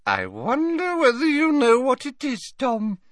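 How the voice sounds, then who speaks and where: A man's voice: extremely high pitch, huge pitch swings, unhurried, dry recording, studio quality, voice pushed up, exaggerated voice. Man putting on a simpering old rich lady. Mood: coy gushing. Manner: simpering, coy, gushing.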